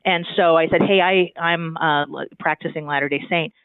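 Man from Southern California, high voice, chatty storyteller, tinny phone-like sound, dry. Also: normal speed, clear, resonant tone, no room sound. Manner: chatty, animated storyteller with frequent restarts. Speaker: guest, divinity student. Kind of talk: casual conversation. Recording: thin phone-like dry line.

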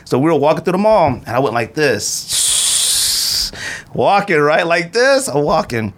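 A man in his thirties from Arizona, hosting a podcast and telling a casual story, acting out the people he quotes. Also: measured pace. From Arizona, USA. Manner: animated storyteller acting out quotes with big pitch jumps. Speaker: podcast host.

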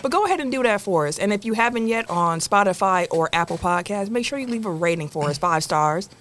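Laughing, animated woman podcast host. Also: medium pitch, fairly quick. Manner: laughing, animated, reads out show housekeeping. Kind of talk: casual sports podcast chat.

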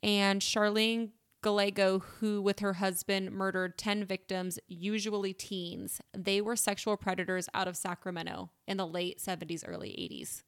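A woman co-hosting a podcast in casual true-crime chat, blunt and quick to swear as she runs through a list of names. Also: medium pitch, clean tone. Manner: blunt, swears freely, lists names matter-of-factly. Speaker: podcast co-host.

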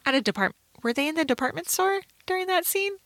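A woman's voice: sits high, lively intonation, quick pace, a bit bright, no room sound. A woman co-hosting a podcast, chatting casually about a movie with lots of fillers and an easygoing manner. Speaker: podcast co-host. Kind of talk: casual movie review chat.

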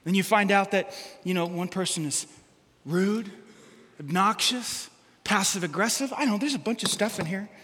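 A man preaching a sermon as pastor, animated and humorous, acting out quotes from everyday life. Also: sits high, moderate pace, slightly rough, big-room sound.

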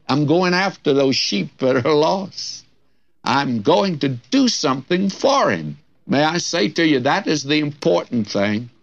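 Slow folksy older preacher, lo-fi. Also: male voice, mid-range voice. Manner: folksy, earnest preaching with dramatic scripture readings. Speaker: Bible teacher. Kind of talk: radio Bible sermon. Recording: dull lo-fi radio recording.

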